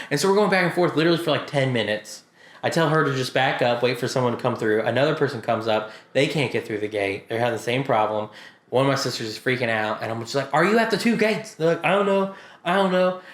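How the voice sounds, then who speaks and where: Animated man telling stories in an echoey room. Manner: animated storytelling, acts out quotes with big pitch jumps. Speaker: podcast co-host. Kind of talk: casual chat.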